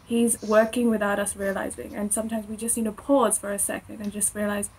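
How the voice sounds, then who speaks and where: Young Australian woman, podcast co-host, husky, chatty storyteller. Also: mid-range voice, little pitch movement, a little fast, a little mellow, rough recording. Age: young adult. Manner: chatty, laughs often, personal storytelling. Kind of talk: casual faith chat.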